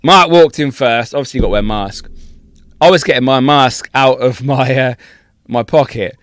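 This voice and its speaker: A man's voice: medium pitch, moderate pace, clean tone, dry recording, studio quality. A young adult man, a podcast co-host, telling a long anecdote in casual chat, full of swearing.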